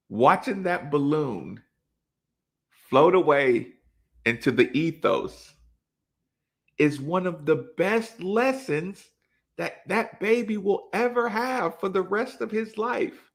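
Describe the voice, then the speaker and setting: A man hosting a casual chat, telling a story in an animated way, acting out quotes with big jumps in his voice. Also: sits high, creaky. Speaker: podcast host.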